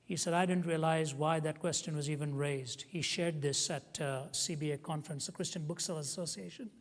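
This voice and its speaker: A man preaching with a fairly high voice, telling stories from the pulpit. He swells into emotional emphasis on the quoted words. His voice carries a long reverb from a large hall. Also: steady tone, fairly quick. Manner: storytelling, rising to emotional emphasis when quoting. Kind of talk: sermon.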